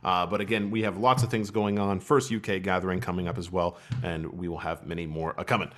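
A man with a fairly low voice hosts a podcast in a loose, conversational way. He tells little stories with animation as he talks. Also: steady tone, a little fast, a bit bright. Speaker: podcast host. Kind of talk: casual podcast chat.

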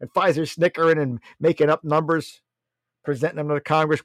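A man's voice: on the high side, fairly even intonation, fairly quick, no room sound, clean studio sound. A man hosting a political talk show, delivering a blunt, mocking monologue and often calling his listeners folks.

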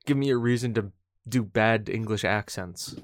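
A man co-hosting a live stream, chatting casually in a jokey, animated way. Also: on the low side. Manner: jokey, animated, quick to laugh. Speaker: stream co-host. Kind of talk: casual chat.

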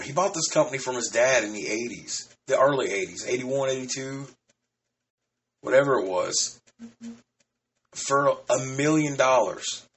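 A man's voice: medium pitch, a bit bright. A man in his thirties hosting a solo podcast, rambling loosely and swearing now and then. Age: 30s. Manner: rambling, loose and profane, with frequent restarts. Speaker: podcast host.

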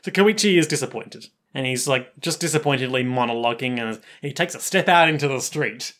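A man's voice: mid-range voice, fairly bright tone. Laughing man recapping a show. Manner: laughs often, acts out lines in quick bits. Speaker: podcast co-host. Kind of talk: casual recap chat.

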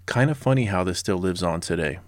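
Deep-voiced sarcastic history narrator. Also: male voice, animated, a little fast, no echo, studio quality. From Southern California. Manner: sarcastic and blunt, with casual personal asides. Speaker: podcast host.

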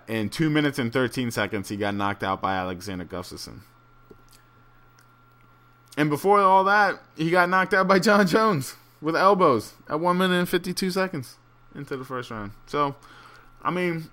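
A man's voice: on the high side, expressive, normal speed, bright, forceful tone. A man rambling through a casual, profane solo monologue with many fillers and restarts, turning incredulous and ranting at times. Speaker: solo fight commentator.

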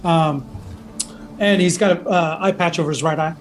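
Tabletop GM, casual narration, hesitant and filler-heavy, mid pitch. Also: normal speed, a little hiss or hum, rough recording. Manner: rambling, hesitant with many fillers. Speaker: game master.

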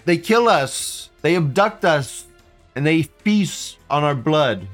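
A man's voice: on the high side, animated, slow pace, soft background music. Agitated, profane male stream host. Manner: profane, agitated ranting with repeated questions. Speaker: livestream host. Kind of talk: live-stream rant reading chat.

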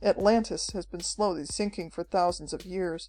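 A woman's voice: fairly low pitch, normal speed, warm tone, faint music behind, close to an everyday voice, poor audio. A woman voicing a frantic elderly male professor who chatters and pants as he talks. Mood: explaining. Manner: chattering, panting.

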